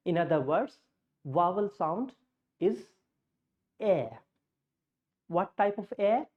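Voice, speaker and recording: Slow-paced woman teacher. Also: fairly low pitch, lively intonation, narrow, tinny audio. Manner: slow, deliberate, repeats key words with demonstrations. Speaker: English pronunciation teacher. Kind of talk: spoken English lesson.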